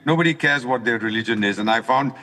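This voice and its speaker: An older man, a former diplomat, calling in to a news broadcast while driving, speaking in a forceful, indignant, lecturing manner. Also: medium pitch, fast, big-room sound. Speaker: former ambassador, guest commentator. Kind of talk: phone-in commentary while driving. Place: in a car.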